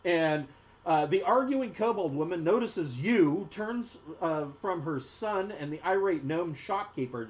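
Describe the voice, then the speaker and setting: Lively, hesitant man game master. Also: high voice, a little slow. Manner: hesitant, many fillers and restarts. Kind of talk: narrating a tabletop game. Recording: dull lo-fi audio.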